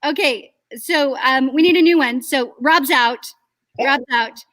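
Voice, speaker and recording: Woman host, high bright voice, chatty and upbeat, video call mic, dry sound. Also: unhurried, no room sound. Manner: chatty, upbeat, hesitant fillers. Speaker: improv show host. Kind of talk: casual live hosting over video call.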